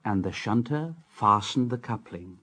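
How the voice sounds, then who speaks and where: A man narrating a children's storybook in a gentle, sing-song read-aloud manner. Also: fairly low pitch, expressive, unhurried.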